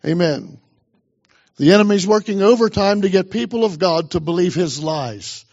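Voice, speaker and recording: A man's voice: high-pitched, expressive, moderate pace, a little mellow, highs cut off. A man pastor preaching a sermon with emphasis, urging the congregation on.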